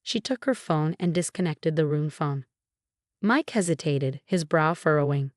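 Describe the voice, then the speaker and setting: Low-voiced woman narrating a story. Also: unhurried, dry recording, studio quality. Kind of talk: first-person story narration.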